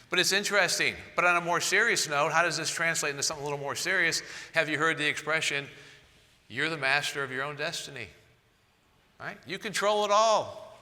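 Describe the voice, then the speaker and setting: Bright-voiced man teaching in a hall. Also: mid-range voice. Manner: conversational, asks the audience rhetorical questions. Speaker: speaker at a church seminar. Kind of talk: sermon-style teaching talk.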